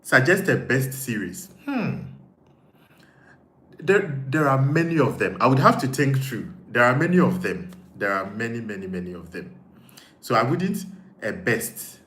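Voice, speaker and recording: His voice is mid-range and fairly bright, with big pitch swings and a slightly slow pace. Speaking Ghanaian English, he runs a casual live stream in an echoey, faintly noisy room, reading viewers' comments and musing aloud, often repeating himself.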